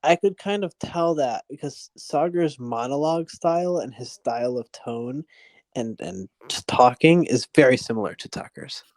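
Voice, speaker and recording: A man's voice: medium pitch, expressive, normal speed, darkish tone, no echo. A man co-hosting a livestream, chatting casually about politics in a blunt, opinionated way, often restarting his sentences. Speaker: livestream co-host. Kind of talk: casual political commentary chat.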